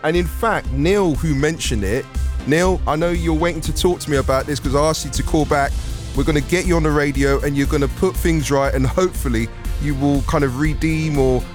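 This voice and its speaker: A man's voice: on the high side, fairly quick, faint music behind. A man presenting a radio phone-in, talking in a friendly, casual way with a few hesitations. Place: radio studio.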